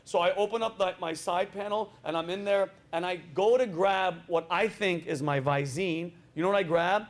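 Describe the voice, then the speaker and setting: In casual podcast talk, a middle-aged male host tells lively stories and swears a lot. He has a high voice, speaks at a normal speed, and rarely pauses.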